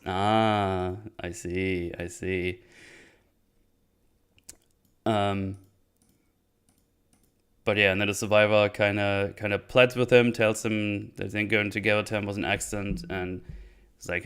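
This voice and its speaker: A man's voice: fairly low pitch, steady tone, unhurried, pauses often, fairly bright tone, clear, resonant tone. A man giving casual livestream commentary on a TV show, rambling and hesitant as he thinks aloud. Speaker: streamer reviewing a TV show.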